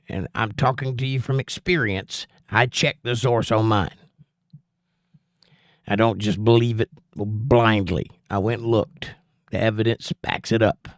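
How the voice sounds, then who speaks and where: A man's voice: on the low side, dry recording. Opinionated Southern man reading chat, dry sound. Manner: opinionated, preachy asides. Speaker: livestream host reading chat. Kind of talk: casual livestream chat.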